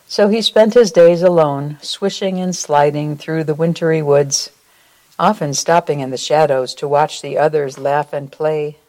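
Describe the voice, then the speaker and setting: During a church service, a low-voiced woman reads a story for children, taking her time and giving it plenty of expression. She wraps up with a short prayer.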